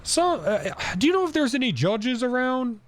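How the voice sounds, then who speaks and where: A man streaming a roleplay game in character, ranting excitably and swearing a lot. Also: extremely high pitch, normal speed, slight background noise. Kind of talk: casual in-character roleplay chat.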